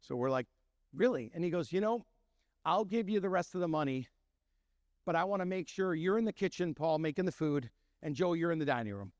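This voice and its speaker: A man's voice: fairly high pitch, a little fast, dry recording, studio quality. A middle-aged man, a chef and restaurant owner from Milwaukee, telling stories to an audience and acting out the voices of the people in them. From Milwaukee, Wisconsin. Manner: animated storytelling, acting out quoted voices. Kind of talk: storytelling talk to an audience.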